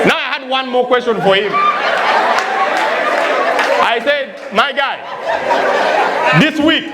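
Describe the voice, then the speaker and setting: A man's voice: very high voice, expressive, a little slow, long pauses. A man with a Ugandan accent performing live stand-up comedy, telling stories full of quoted voices and repeated "I said". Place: live comedy venue with a laughing audience. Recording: roomy live hall with crowd noise.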